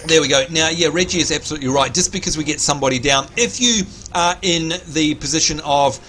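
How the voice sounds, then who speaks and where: Aussie guy hosting a game stream, upbeat play-by-play, bit of a high voice, kinda hoarse. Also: quick pace, sharp tone. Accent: Australian. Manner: chatty, upbeat play-by-play, addresses viewers as folks. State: slightly hoarse, clearing his throat. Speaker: livestream host and game commentator. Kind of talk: live gameplay commentary.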